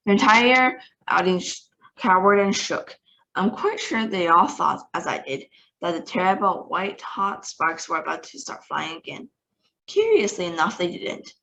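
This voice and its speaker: A woman narrates a children's novel aloud. Her delivery is steady and expressive, as in an online reading session. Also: lowish voice, unhurried, creaky, low-quality recording. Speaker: storybook reader.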